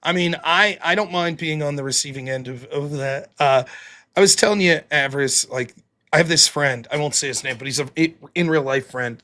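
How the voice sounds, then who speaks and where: A man hosting a casual live stream, reading out donations and telling stories, excitable, with sudden loud bursts between mumbled asides. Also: a little high, brisk. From United States. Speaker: stream host.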